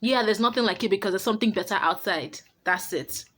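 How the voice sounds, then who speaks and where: A woman's voice: medium pitch, brisk, fairly bright tone. A woman hosting her own advice vlog, talking to camera in a blunt, emphatic way. She laughs easily and often repeats her points. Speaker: vlogger host.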